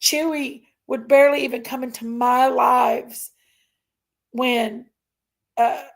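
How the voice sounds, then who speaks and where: A woman's voice: high-pitched, steady tone, takes it slowly, gravelly. A woman hosting a casual livestream, ranting indignantly and emphatically while reading chat aloud. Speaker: live stream host.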